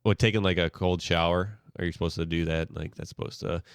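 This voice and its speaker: A man's voice: deep voice, steady tone, fairly quick, gravelly, clear, resonant tone, no echo, clean studio sound. A middle-aged man co-hosting a podcast in casual chat, rambling and jokey, drifting into mock-inspirational speeches. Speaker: podcast co-host.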